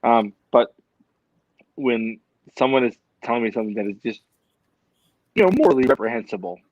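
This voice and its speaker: A man co-hosting a podcast in casual chat, rambling and halting, swearing casually. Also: medium pitch, animated, a little mellow, no echo, highs cut off. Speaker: podcast co-host.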